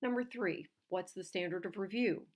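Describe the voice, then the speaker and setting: Woman giving brisk numbered tips. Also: medium pitch. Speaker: legal writing instructor. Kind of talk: instructional talk on oral argument.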